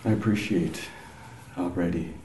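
A man at a retreat speaking haltingly, searching for words with many fillers. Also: low-pitched, mellow, echoey room, a little hiss or hum, rough recording. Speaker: retreat participant.

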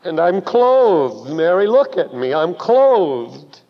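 A man's voice: fairly high pitch, sing-song, takes it slowly, exaggerated voice. A man acting out a repentant father pleading with his wife in an emotional voice. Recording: dull recording with long hall reverb.

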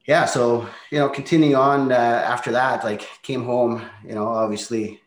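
A man's voice: mid-range voice, steady tone, normal speed. A man who leads a real estate team, telling his story in a candid, reflective way during a casual interview. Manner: candid, reflective, drops into quoted asides. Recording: roomy echo.

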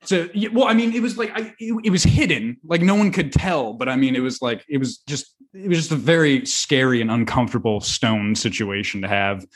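Young american guy, husky voice, rambling podcast story w lots of likes and swearing. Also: mid-range voice, a little fast, few pauses. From United States. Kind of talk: casual storytelling.

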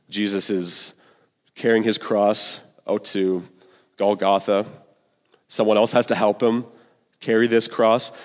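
Man preaching in a reverberant hall. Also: fairly low pitch. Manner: conversational, slangy, earnest. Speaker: pastor. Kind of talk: sermon.

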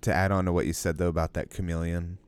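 A man's voice: deep voice, flat delivery, quick pace, smooth. A young man co-hosting a podcast in casual chat, rambling and swearing freely. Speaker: podcast co-host.

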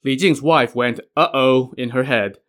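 A man's voice: medium pitch, expressive, moderate pace, a bit bright. Wry male storyteller. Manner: wry, conversational asides. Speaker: podcast narrator. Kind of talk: casual storytelling of a myth.

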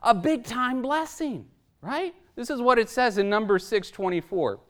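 High, smooth-voiced male preacher. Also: expressive, normal speed. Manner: emphatic, rhetorical, tags points with "right?". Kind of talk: sermon.

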